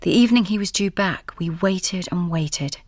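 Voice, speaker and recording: Brief: young woman narrator, lowish voice, dry close sound, calm and reflective. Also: moderate pace, dry recording. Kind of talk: reflective radio drama narration.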